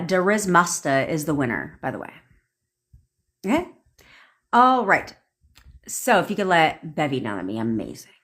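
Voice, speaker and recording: A woman's voice: mid-range voice, a bit bright. A woman manifestation coach on a livestream, talking in a blunt, profane, commanding way.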